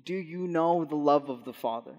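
Young male pastor, fairly high voice, earnest sermon delivery, long hall reverb. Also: dull audio. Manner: earnest, slow and soft on key phrases. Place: church hall.

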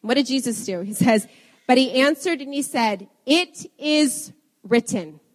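Young woman preacher, lively and self-laughing, higher voice, reverberant hall sound. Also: brisk. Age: young adult. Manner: animated, laughs often at herself. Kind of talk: sermon.

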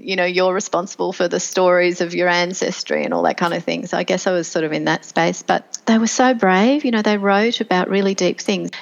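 A woman's voice: fairly low pitch, muffled recording. Reflective middle-aged woman podcast guest. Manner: reflective, warm-hearted, many fillers and restarts. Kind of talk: conversational interview storytelling.

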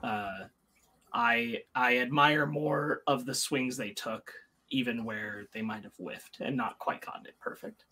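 A man co-hosting a casual review chat, his voice sitting in a middle pitch. He speaks hesitantly and fills pauses with ums and uhs. The tone is easygoing and conversational. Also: pushed and bright, husky. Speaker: podcast co-host.

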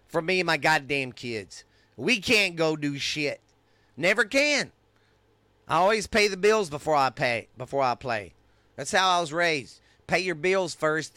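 A man's voice: fairly high pitch, pushed and bright, no room sound. Angry profane Texan man ranting. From United States. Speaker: podcast host. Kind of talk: ranting monologue.

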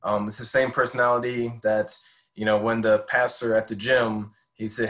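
A man's voice: mid-range voice, flat delivery, moderate pace, a bit bright, low-quality recording. Man in his 20s, podcast guest; sincere, heartfelt telling of a personal spiritual story. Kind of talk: personal faith testimony.

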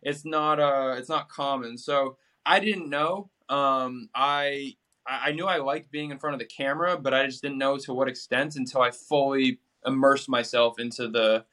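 A young man from New England talks in a casual interview. He sounds energetic and chatty, and he leans on fillers and restarts as he goes. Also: medium pitch, moderate pace. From New England, USA. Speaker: podcast guest.

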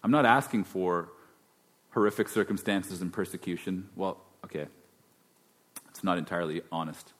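A man's voice: sits low, normal speed, pauses often. A man preaching a sermon as pastor, conversational and then emphatic. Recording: long hall reverb.

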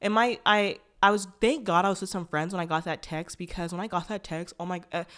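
A woman's voice: lowish voice, steady tone, a little fast, fairly bright tone. A young woman hosting a podcast, telling a personal story in a rambling, candid way, full of "like" fillers, restarts and blunt swearing. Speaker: podcast host.

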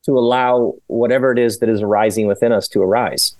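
Animated, rambling man, dry sound. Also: medium pitch, fast, no room sound. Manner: rambling, animated, laughs often. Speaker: author and guest. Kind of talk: casual podcast conversation.

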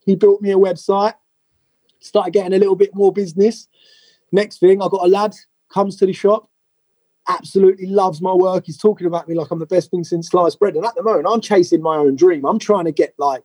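A man, a tattoo artist, telling stories about his career in a casual, animated way as an interview guest. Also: high-pitched, a little fast, breathy edge, no room sound, poor audio. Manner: animated, acts out quoted voices.

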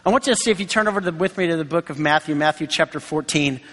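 A man's voice: fairly high pitch, very fast, fairly bright tone. A man preaching a sermon in a conversational way, acting out quoted voices along the way. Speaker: pastor. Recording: long hall reverb.

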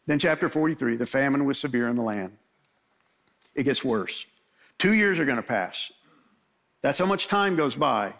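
A man's voice: a little high, expressive, normal speed, creaky, a bit bright. A man preaching an expository sermon in a casual, conversational way, briefly voicing the people in the story. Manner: conversational, acts out biblical characters' voices.

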